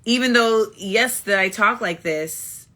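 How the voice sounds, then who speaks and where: A woman at medium pitch, unhurried and sharp in tone, runs a casual livestream monologue on her phone. She is blunt and emphatic and restates her points over and over.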